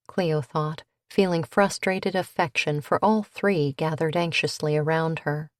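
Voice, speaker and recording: A woman narrating a cozy mystery audiobook in a measured, slow read. Her voice sits a little low and the recording is dry and close, with no room around it. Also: dry recording. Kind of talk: scripted narration.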